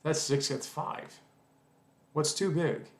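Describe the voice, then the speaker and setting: A man's voice: fairly high pitch, slow pace. Rambling, self-mocking man in an echoey room. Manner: rambling, self-deprecating, apologetic, swears at his own mistakes. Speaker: coding tutorial instructor. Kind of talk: casual screen-recorded coding lesson.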